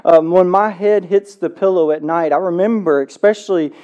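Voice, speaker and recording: Pastor, young adult, warm mellow tone, relaxed conversational sermon delivery. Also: medium pitch, moderate pace. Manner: conversational preaching with frequent "right?" tags.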